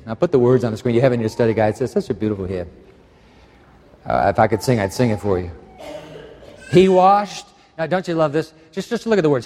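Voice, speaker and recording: A man preaching a sermon as pastor, impassioned, swinging between hushed, tender phrases and fervent exhortation. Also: mid-range voice, big-room sound.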